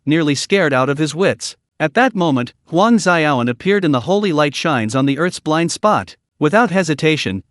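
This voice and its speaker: A man reading a story recap in a steady, even scripted narration. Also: fairly high pitch, dry recording, studio quality.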